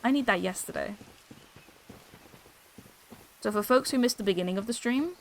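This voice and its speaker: A woman chats casually on a game stream through an old desktop microphone, bubbly, laughing often and swearing freely. Her voice is a little high at a normal speed, and there's a slight hiss or hum.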